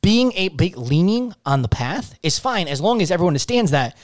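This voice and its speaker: A man telling a story in casual chat, swearing often and animated. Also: high voice, fairly quick, no echo, clean studio sound. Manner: profane, animated storytelling with frequent cursing. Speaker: podcast guest telling a story.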